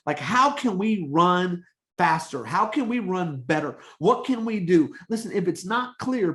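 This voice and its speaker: Middle-aged male ministry coach with a fairly high voice, preaching energetically and exhorting his listeners. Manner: exhorting, repeats "come on", restarts. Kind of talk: energetic preaching-style teaching.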